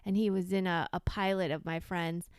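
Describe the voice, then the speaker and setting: A woman's voice: on the low side, fairly even intonation, normal speed, clear, resonant tone, dry recording, studio quality. A woman co-hosting a casual podcast chat, chatty and prone to trailing off and restarting. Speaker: podcast co-host.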